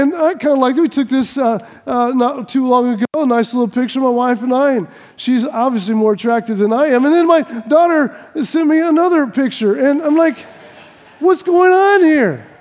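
A male pastor preaches in a loose, joking, conversational way, stumbling and restarting as he goes. His voice sits very high for a man. A long reverb from a large church hall trails after each line. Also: darkish tone. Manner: conversational, stammering, humorous. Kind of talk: sermon.

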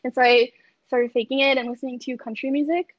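A young woman speaks casually as a podcast guest, full of fillers and quick laughs. Her voice sits fairly high and the call audio is muffled and lo-fi. The sound is very dry, with no room echo. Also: fairly even intonation. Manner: chatty, many fillers, laughs often. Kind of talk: casual conversation on a video call. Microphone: video call.

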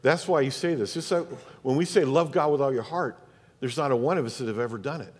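High-voiced pastor in a reverberant hall. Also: male voice, a little mellow, husky. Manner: conversational preaching with rhetorical questions. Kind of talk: sermon.

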